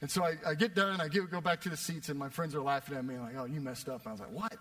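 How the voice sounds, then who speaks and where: Animated young male preacher, echoing hall. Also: on the high side, very fast. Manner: animated, self-deprecating storyteller. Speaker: pastor. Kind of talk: sermon with personal storytelling. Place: church worship space. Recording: long reverb of a church hall.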